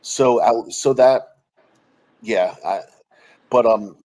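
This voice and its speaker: Earnest, halting man on a call. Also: medium pitch, warm tone, poor audio. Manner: halting, with many restarts and trailing phrases; earnest and openly emotional in tone. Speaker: guest. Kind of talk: personal interview over a call. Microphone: remote call connection.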